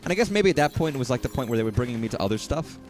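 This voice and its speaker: A man's voice: medium pitch, animated, very fast, a little mellow, soft background music. A man from Texas streaming, rambling casually, joking and swearing as he talks.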